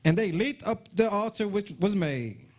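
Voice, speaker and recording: A man's voice: sits high, animated, normal speed. A man reading Bible verses aloud at a live study, calling out verse numbers. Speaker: scripture reader.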